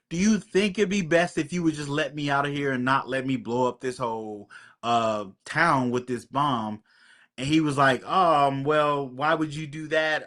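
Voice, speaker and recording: A man's voice: on the high side, a bit bright. A man on a podcast casually recapping a TV episode, acting out the characters' lines as he retells them, with frequent ums. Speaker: podcast co-host.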